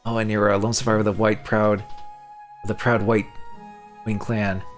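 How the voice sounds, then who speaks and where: A man's voice: fairly low pitch, little pitch movement, normal speed, soft background music, close to an everyday voice. A man reading aloud and voicing a grief-stricken, pleading pirate captain from a game. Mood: anguished. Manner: pleading, cries out.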